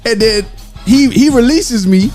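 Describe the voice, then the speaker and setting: A man with a high voice hosts a casual podcast, laughing often as he tells stories. Faint music plays under the talk. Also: a little slow, a little mellow. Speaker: podcast host. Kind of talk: casual chat.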